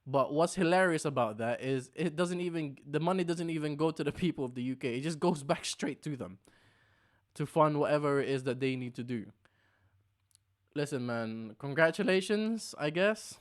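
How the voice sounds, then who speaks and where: A man's voice: a little high, normal speed. A young man co-hosting a casual podcast chat, jokey and sarcastic, laughing often. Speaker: podcast co-host.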